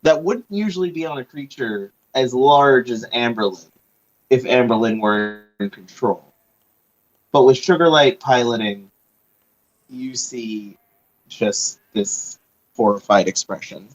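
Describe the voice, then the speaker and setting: A man's voice: medium pitch, lo-fi sound. A man playing a tabletop game, describing his character's actions in a descriptive way. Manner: slow, descriptive. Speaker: player.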